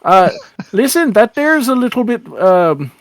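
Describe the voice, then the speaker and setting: A chummy small-town lawman with a folksy drawl, as a woman puts him on. His pitch swings widely as he rambles on. The sound is close and dry. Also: sing-song, a little slow, no echo. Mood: awkward. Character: folksy small-town male officer, friendly.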